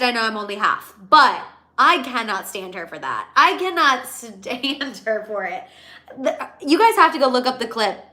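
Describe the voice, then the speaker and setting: A young woman hosting a casual celebrity gossip livestream, animated and gossipy, reading out viewer comments. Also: a little high. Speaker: gossip show host.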